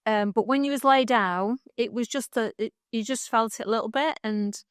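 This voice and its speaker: A woman's voice: on the high side, normal speed, smooth, dry recording, clean studio sound. A middle-aged woman, co-hosting a podcast and telling a long, heartfelt story in casual chat, rambling and laughing along the way. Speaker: podcast co-host.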